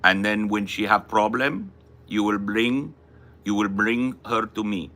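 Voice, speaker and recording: A gentle, careful veterinarian giving earnest instructions, as a man imitates him. The voice is bright and soft-spoken. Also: fairly low pitch, a little slow. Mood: earnest caring.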